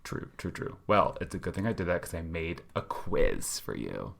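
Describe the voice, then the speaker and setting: A young man co-hosting a casual podcast chat. His voice sits very low with a gravelly fry. He talks in a halting way, full of ums and restarts. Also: sing-song, fairly bright tone. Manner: hesitant, many fillers and restarts. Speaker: podcast co-host.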